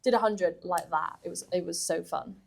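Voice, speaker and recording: A woman's voice: lowish voice, moderate pace, vocal fry. Chatty young woman weightlifter. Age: 20s. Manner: chatty, animated storytelling. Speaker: guest weightlifter. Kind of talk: casual podcast chat.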